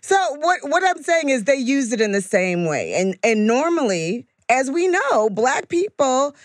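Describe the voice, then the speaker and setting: A woman scholar, a podcast guest, in a casual discussion, animated and laughing often. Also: high-pitched, unhurried, no room sound, studio quality.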